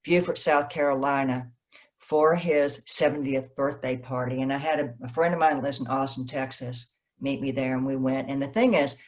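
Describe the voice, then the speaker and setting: Animated woman novelist telling stories. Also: extremely low pitch. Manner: animated, acts out quoted dialogue. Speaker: novelist guest. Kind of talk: conversational interview, storytelling.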